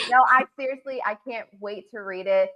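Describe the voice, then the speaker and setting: A woman co-hosting a podcast in casual chat, effusive and quick to get excited. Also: medium pitch. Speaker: podcast co-host. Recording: slightly dull, muffled sound.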